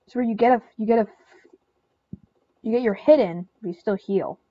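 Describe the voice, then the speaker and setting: Her fairly high voice moves at normal speed as she provides excitable live commentary on her own online game. Squealing, crying out in panic, she repeats short phrases again and again. The audio is dull, with no echo.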